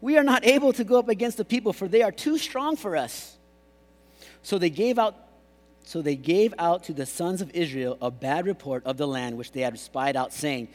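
A man preaching a sermon as pastor, animated and jokey, mimicking voices. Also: on the high side. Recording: long hall reverb.

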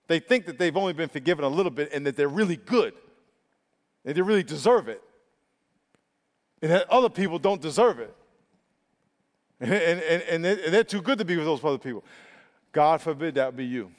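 A male pastor preaching a sermon with emphatic, drawn-out stresses and repeated words. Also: on the high side. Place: church sanctuary. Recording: long reverb of a large hall.

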